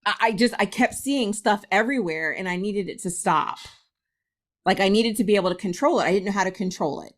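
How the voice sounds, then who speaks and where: A woman's voice: mid-range voice, a little fast. Middle-aged woman from ohio telling a story, lots of laughing, acts out the voices. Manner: animated, laughs often, acts out quotes. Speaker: guest medium. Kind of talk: casual storytelling interview.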